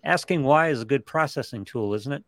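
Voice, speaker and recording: A man's voice: mid-range voice, a little fast, no room sound, studio quality. A man co-hosting a live show, laid-back and teasing in casual chat. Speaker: co-host.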